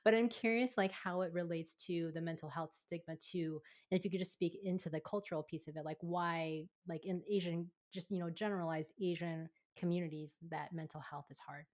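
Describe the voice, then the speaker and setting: A woman hosting a podcast interview, chatty and quick to laugh, often saying "like". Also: on the low side, steady tone, darkish tone. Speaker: podcast host and yoga teacher.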